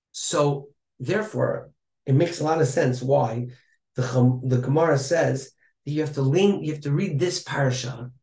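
A fairly high-voiced man gives a Torah lesson, talking it through in a chatty way and often circling back to repeat a phrase. His voice rings around an echoey room. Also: a little mellow. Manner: conversational, repeats phrases, checks in with "right?". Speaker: Torah teacher.

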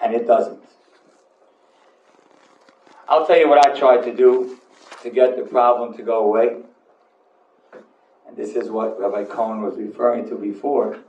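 A man, a rabbi, giving a sermon to an audience, telling a story in an animated way and building to emphatic repeated lines. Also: mid-range voice, measured pace, long pauses, echoey room, distant mic, lo-fi sound. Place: hall with audience.

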